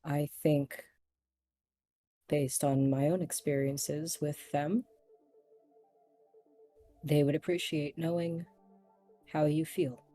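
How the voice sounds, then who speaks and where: A woman voicing a calm, reserved executive who speaks quietly and carefully in a tabletop role-play game. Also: low-pitched, soft background music. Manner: quiet, measured, hesitant.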